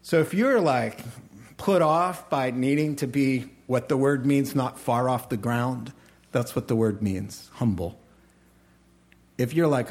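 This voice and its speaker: A man preaching a sermon in a conversational way, with animated asides. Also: medium pitch, measured pace. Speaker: pastor.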